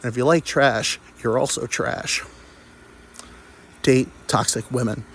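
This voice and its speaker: A man's voice: mid-range voice, fairly even intonation, measured pace, fairly bright tone, slight background noise. Crude, rambling man telling stories. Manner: crude, self-mocking, digressive. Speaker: podcast host. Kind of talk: rambling comic storytelling.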